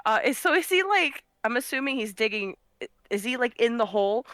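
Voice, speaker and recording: Giggly woman player at a tabletop game, pitch all over the place, dry close sound. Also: moderate pace, no room sound. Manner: giggly, animated, laughs often. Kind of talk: casual tabletop game chat.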